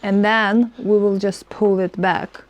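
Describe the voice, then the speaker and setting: A woman's voice: medium pitch, level tone, slow pace, music in the background. A woman hosting a casual workshop video about her motorbike build, playful and cheering. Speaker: channel host building a motorbike.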